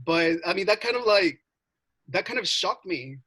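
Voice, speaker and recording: A young man telling a story in casual chat, animated, swearing and full of filler words. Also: high-pitched, moderate pace, breathy edge, rough recording. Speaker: podcast co-host.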